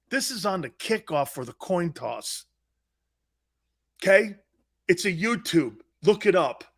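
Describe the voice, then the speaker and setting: A brash, profane man in his fifties hosting a sports talk show, telling loud stories in a casual way. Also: sits high, lively intonation, measured pace, long pauses. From United States. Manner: brash, profane, storytelling with loud shouted quotes.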